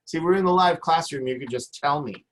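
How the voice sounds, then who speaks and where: A man's voice: a little high, fairly quick, a bit bright, a little hiss or hum, low-quality recording. A man teaching a recorded lesson at his computer, rambling and hesitant, with frequent fillers and restarts. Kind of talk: recorded lecture.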